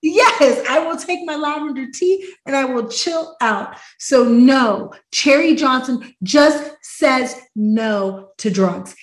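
A woman hosting a podcast, chatting casually and telling stories with lively acted-out quotes. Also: high voice, takes it slowly, few pauses, reverberant, poor audio. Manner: animated storyteller, acts out quotes. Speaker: podcast host. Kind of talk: casual chat.

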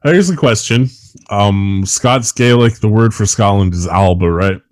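A man's voice: fairly low pitch, measured pace, a little mellow, no room sound. A man co-hosting a podcast who chats casually and rambles, swearing often and laughing at his own points. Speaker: podcast co-host. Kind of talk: casual chat about a film.

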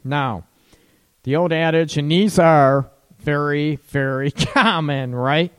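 Relationship advice comes casually from a man with a fairly high, clear and resonant voice who takes things slowly. Chatty throughout, he leans on "right?" again and again and laughs at his own points.

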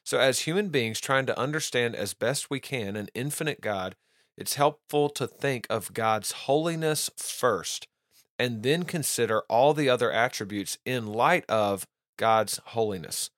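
A man's voice: medium pitch, measured pace, a bit bright, no echo, clean studio sound. A man hosting a podcast, teaching doctrine in an earnest, casual monologue, often restarting and repeating words and reading quotes aloud.

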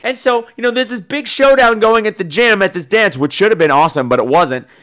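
A man with a high-pitched voice hosts a horror podcast, talking fairly quickly as he reviews a movie in a sarcastic, profane rant. He's animated and acts out the characters.

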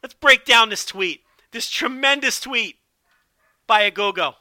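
A man's voice: extremely high pitch, lively intonation, a little slow, bright, forceful tone, dry recording. A man giving a casual wrestling recap, enthusiastic and profane, riffing with jokes. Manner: enthusiastic, profane, joking riffs. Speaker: wrestling show commentator.

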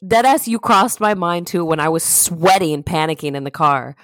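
Animated low-voiced woman telling stories. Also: normal speed, no echo. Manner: animated storyteller, acts out quotes in raised voices. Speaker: podcast co-host. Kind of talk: casual chat.

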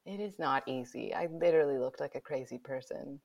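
With a brisk delivery and a bass voice, a woman guest who writes books recounts something personal in conversation. Her telling is lively, and she whispers when relaying what she was thinking.

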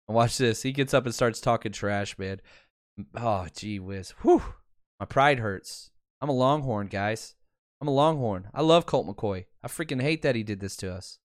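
A man hosting a podcast, talking excitedly through game film and addressing his viewers. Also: mid-range voice, clear, resonant tone, no echo, clean studio sound. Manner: excitable, swears, talks to viewers. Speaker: podcast host. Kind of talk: film breakdown commentary.

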